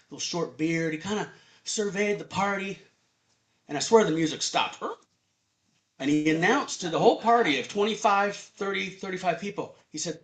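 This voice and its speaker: A man in his fifties telling a personal story at a live storytelling event, conversational and animated. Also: fairly high pitch. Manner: animated, conversational, acts out voices.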